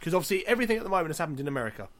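A man's voice: fairly high pitch, very animated, very fast, a bit bright. A man co-hosting a podcast, chatting playfully and spinning silly ideas with a laugh. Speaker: podcast co-host. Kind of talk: casual podcast chat.

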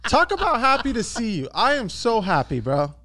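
Laid-back high-voiced podcast co-host man. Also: huge pitch swings, moderate pace, bright, forceful tone, no room sound. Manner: laid-back, low-key, says dude and bro. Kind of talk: casual podcast chat.

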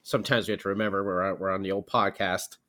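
Bright-voiced sarcastic podcast man. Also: low voice, steady tone, fast talker. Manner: sarcastic, exasperated. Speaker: podcast co-host. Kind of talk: casual sports podcast chat.

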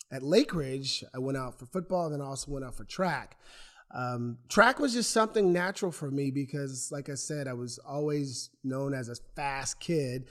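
A man from Portland, Oregon, a former athlete, telling his own stories in an interview and acting out what others said. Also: medium pitch. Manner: animated, acts out voices in his stories. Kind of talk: storytelling in an interview.

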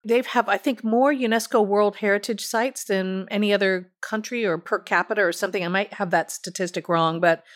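A woman's voice: mid-range voice, fairly even intonation, brisk, hardly any pauses. A woman guest answering interview questions in a casual, matter-of-fact way.

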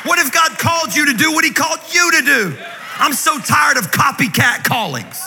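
A man preaching a sermon in an energetic, joking, conversational way. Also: extremely high pitch, a little fast, gravelly, a faint crowd. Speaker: guest pastor. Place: large church auditorium. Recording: reverberant hall, faint noise.

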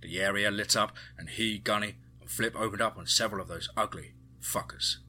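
A man narrating a first-person adventure story in a steady storytelling manner. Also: lowish voice, fairly quick.

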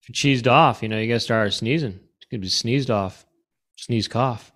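A man's voice: medium pitch, normal speed, fairly bright tone. A man co-hosting a comedy podcast, riffing in casual chat with playful bits. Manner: joking, riffs with playful bits and laughs. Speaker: podcast co-host.

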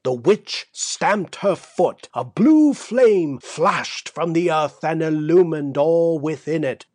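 A male audiobook narrator tells a classic tale in a measured, dramatic way. His voice sits a little high and moves slowly, with every line weighed. The recording is dry and close, with no room sound. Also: expressive, a little mellow, dry recording.

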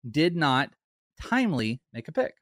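A man's voice: on the high side, big pitch swings, a little slow, fairly bright tone, no echo, clean studio sound. A man co-hosting a fantasy baseball podcast, chatting casually and joking while he calls out draft picks. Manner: jokey, laughs often, calls out picks. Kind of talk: casual chat during a live draft.

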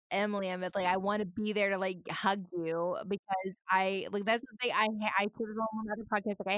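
A woman's voice: mid-range voice, fairly bright tone, dry recording. A young woman hosting a podcast, talking in a sympathetic, rambling way full of fillers. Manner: sympathetic, rambling, many likes. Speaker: podcast host. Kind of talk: casual chat.

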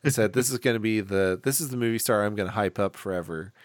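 A man's voice: lowish voice, fast, no echo, clean studio sound. A man co-hosting a casual movie podcast, joking around and acting out characters in mock voices. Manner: jokey, acts out quoted characters in mock voices. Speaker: podcast co-host. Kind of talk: casual movie review chat.

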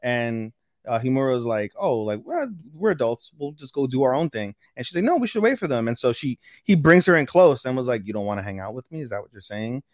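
A man's voice: medium pitch, expressive, brisk, a little mellow, no echo, clean studio sound. A man casually recapping an anime episode on a podcast, rambling, stumbling over names and swearing now and then. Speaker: podcast co-host.

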